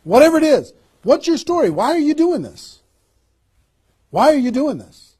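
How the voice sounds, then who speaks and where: A man giving an energetic motivational seminar talk as a network marketing trainer, firing rhetorical questions at his audience. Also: extremely high pitch, moderate pace, pauses often.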